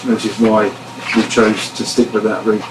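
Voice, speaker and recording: A man in a band answering fan questions in a casual live chat, steady and explanatory. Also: lowish voice, normal speed. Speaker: band member. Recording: echoey room, distant mic, faint noise.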